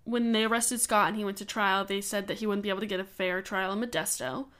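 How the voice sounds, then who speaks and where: A woman's voice: mid-range voice, fairly even intonation, fast, a bit bright. A young woman co-hosting a true-crime podcast, talking casually and with strong opinions, laughing often and swearing. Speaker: podcast co-host.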